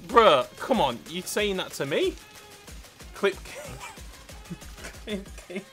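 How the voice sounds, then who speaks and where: A young British man streaming a game live, chatting playfully with viewers, laughing often and pleading in loud bursts. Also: high voice, sing-song, slow, faint music behind. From United Kingdom.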